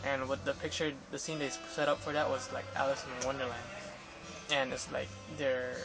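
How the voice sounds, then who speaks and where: A young man vlogs casually in the Los Angeles area about interviewing photographers, rambling and restarting with many fillers. His gravelly, medium-pitched voice barely moves in pitch and keeps a normal speed. Music plays behind him on a low-quality recording.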